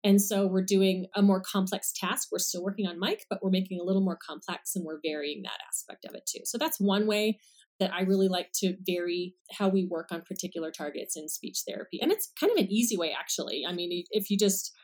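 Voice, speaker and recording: A woman talks through her clinical methods in a relaxed podcast chat. She walks through each point with everyday examples, in a friendly, easygoing way. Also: mid-range voice, fairly quick. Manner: friendly, explains step by step with examples. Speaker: speech-language pathologist guest. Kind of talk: casual explanatory podcast talk.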